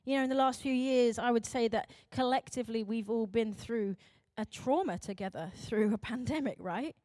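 Young British woman preacher, high voice, dry recording, lively and self-mocking. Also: moderate pace, no echo. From Britain. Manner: animated and chatty, acting out quotes, laughing at herself. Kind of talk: sermon.

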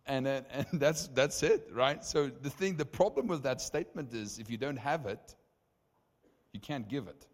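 Preacher in a reverberant hall. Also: male voice, medium pitch, moderate pace. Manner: animated, acts out dialogue in stories. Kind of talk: storytelling sermon testimony.

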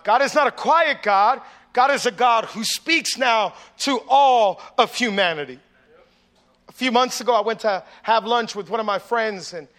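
High bright voiced guy preaching, chatty with the crowd, gets loud and emphatic. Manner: conversational storytelling with audience asides. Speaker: pastor. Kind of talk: sermon.

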